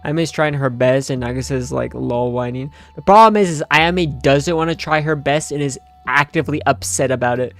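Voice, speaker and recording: A man's voice: medium pitch, normal speed, hardly any pauses, a bit bright, faint music behind. A tired young man streaming his reaction to a game story, rambling sarcastically in slang with plenty of fillers. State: tired, half asleep. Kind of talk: casual rambling commentary.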